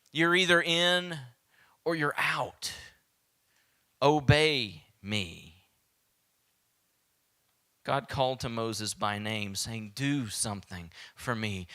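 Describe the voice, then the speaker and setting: A pastor with a Southern American accent and a mid-range voice preaches a sermon animatedly, acting out quoted voices and sometimes dropping to a hushed whisper.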